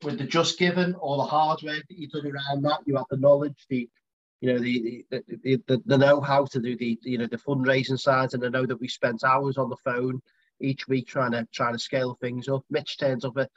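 A man's voice: medium pitch, level tone, brisk. A man, hosting a casual podcast chat with teasing, friendly banter. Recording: dull lo-fi sound.

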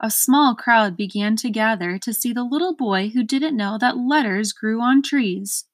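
A woman narrates a storybook in a measured, deliberate way. Her voice sits a little high and moves slowly. The recording is close and dry. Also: dry recording. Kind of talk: audiobook reading.

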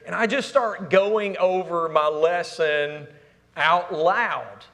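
Preacher guy telling funny family stories, kinda high bright voice, big echoey hall. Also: slow, vocal fry. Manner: storytelling with humor, Southern "y'all". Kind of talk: sermon. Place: church sanctuary.

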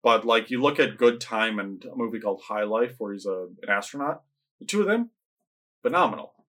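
A man's voice: mid-range voice, brisk. Casual man recapping movies. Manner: rambling, animated retelling of plots, acts out lines. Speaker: podcast co-host reviewing movies. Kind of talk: casual chat.

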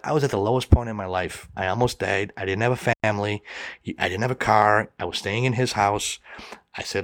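A middle-aged man tells a personal story in a lowish voice, animated and quick to slip into the voices of the people in it. The sound is dry and close, with no room around him. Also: dry recording. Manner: animated, acts out the quoted voices. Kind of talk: personal story told to a listener.

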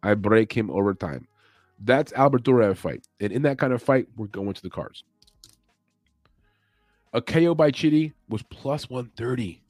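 A man's voice: mid-range voice, animated, moderate pace, pauses often, a little mellow, dry recording, faint music behind. A man hosting a casual sports betting podcast, loose and chatty, thinking aloud as he goes. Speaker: MMA betting podcast host. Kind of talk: casual chat.

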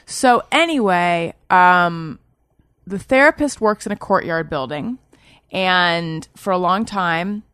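A low-pitched woman in her thirties hosts a podcast, talking in a rambling, self-deprecating way. She restarts and corrects herself as she tells a story. Her voice is recorded close and dry, with no room around it. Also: takes it slowly, fairly bright tone, smooth, no echo. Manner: rambling and self-deprecating, restarts and rephrases while telling stories. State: anxious. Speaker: podcast host. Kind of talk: casual chat.

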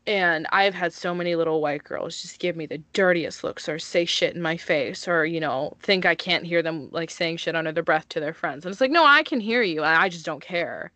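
A woman's voice: on the low side, steady tone, normal speed, hardly any pauses, a bit bright, dry recording. A woman co-hosting a podcast, talking in a blunt, emphatic way and swearing freely. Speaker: podcast co-host. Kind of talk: casual chat.

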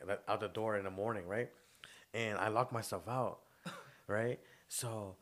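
A young man co-hosting a podcast, telling rambling stories in casual chat with lots of slang and laughter. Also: fairly low pitch. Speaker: podcast co-host.

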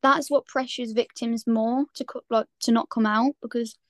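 A woman's voice: fairly high pitch, fairly even intonation, normal speed, dry recording. A teenage girl speaking candidly in a casual podcast chat, full of "like". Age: teens. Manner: candid, earnest, lots of "like". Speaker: podcast guest.

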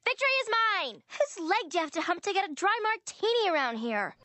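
An actor voicing a scheming, villainous baby boy in an animated sitcom, speaking in theatrical, melodramatic declarations. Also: very high-pitched, brisk, no room sound, full character voice. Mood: gloating villain.

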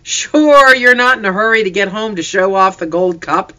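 A jovial farm father speaks heartily and cheerfully, acted out by the story's reader. His voice is bright and lively in pitch. It is a storybook reading of a family tale. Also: moderate pace, poor audio. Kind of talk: audiobook character voice.

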